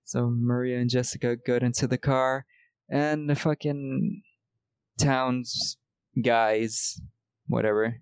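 A man's voice: mid-range voice, fairly even intonation, slow pace, smooth, dry recording. An American man co-hosting a podcast, recapping a movie in rambling casual chat, laughing often and swearing casually. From United States. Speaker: podcast co-host.

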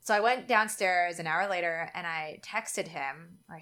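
Girl in her 20s, bright voice, chatty storytelling, does the quotes all animated. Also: moderate pace, few pauses. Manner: animated, acts out quotes with big pitch jumps. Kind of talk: casual storytelling chat.

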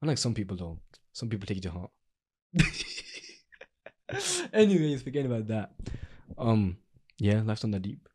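A man's voice: lowish voice, expressive, fairly quick, dark tone, slightly rough. A young man, co-hosting a podcast in casual chat. He rambles, restarts often and uses a lot of slang. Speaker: podcast co-host.

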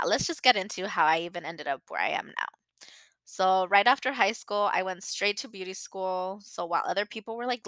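A woman's voice: medium pitch, bright, forceful tone, dry recording. A woman of about thirty hosting her own podcast, talking in a chatty, heartfelt way with lots of "like" and "you know". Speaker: podcast host and small business owner. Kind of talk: casual solo podcast monologue.

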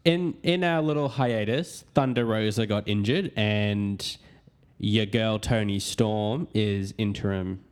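A man's voice: on the low side, takes it slowly, smooth. A man co-hosting a casual podcast, heckling and teasing his co-host in a playful way.

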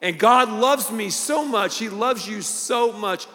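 A male pastor preaching a sermon with animated energy, acting out voices and hammering points with punchy repetition. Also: sits high, takes it slowly. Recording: long reverb of a large hall.

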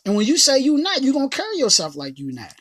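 A woman's voice: high-pitched, huge pitch swings, quick pace, fairly bright tone. A woman hosting a casual motivational talk, who speaks emphatically and repeats her phrases in a slangy, conversational way. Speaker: motivational podcast host.

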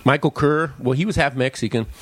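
A man's voice: medium pitch, fairly quick. A man from Los Angeles, a podcast guest, telling childhood stories in casual chat and acting out the voices of the people in them. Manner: animated storyteller who acts out childhood voices.

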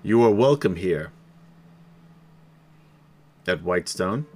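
A man voicing a formal knight lord who presides over a council and speaks in a slow, stately way. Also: sits low, lively intonation, darkish tone, pitched below the performer's own voice, full character voice. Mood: solemn.

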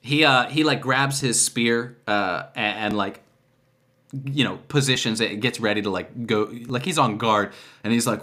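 A man's voice: mid-range voice, unhurried, sharp tone. A man running a tabletop game as game master, narrating in a loose, rambling way with many fillers and restarts. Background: background music.

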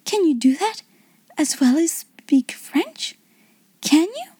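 A woman's voice: high-pitched, big pitch swings, unhurried, mellow, no room sound, voice pushed up. A woman voicing a shy, awestruck young schoolgirl in a breathless whispered role-play. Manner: breathless, timid, wide-eyed.

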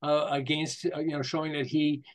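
An older marketing consultant, 60s or beyond, guests on a podcast, speaking briskly in a fairly high voice. He's animated, telling jokes and anecdotes in casual conversation and laughing often.

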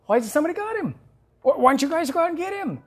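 A man preaching who voices the young shepherd David as bold and indignant, excited and incredulous. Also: very high voice, rapid-fire, voice pushed up, full character voice.

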